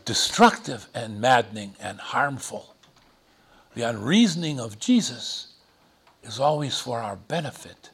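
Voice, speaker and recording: A man preaching a sermon, animated and digressive, with dramatic emphasis. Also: mid-range voice, husky.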